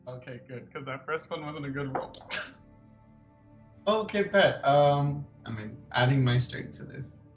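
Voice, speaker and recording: A man's voice: medium pitch, lively intonation, measured pace, lo-fi sound, soft background music. Flustered man playing a tabletop game. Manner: flustered, laughing, self-deprecating. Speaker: player.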